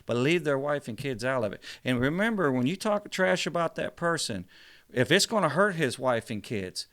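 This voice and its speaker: A man speaks plainly and emphatically in a casual podcast discussion. He uses colloquial grammar and often jumps in with short agreements. His voice is a little higher than most men's. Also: big pitch swings, moderate pace, fairly bright tone. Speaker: podcast co-host.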